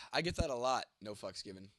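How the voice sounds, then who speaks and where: Background noise surrounds this man's expressive, brisk, medium-pitched voice. A 29-year-old content creator with a cold, congested and losing his voice, he handles chat on a late-night home livestream in a blunt, heavily profane way.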